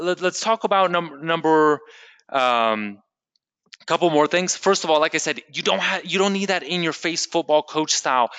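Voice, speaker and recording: Bright, crisp male webinar presenter, eager salesy pitch, speaks directly to viewers, dry close sound. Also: dry recording. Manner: enthusiastic, salesy, talks straight to the audience. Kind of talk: live sales webinar teaching.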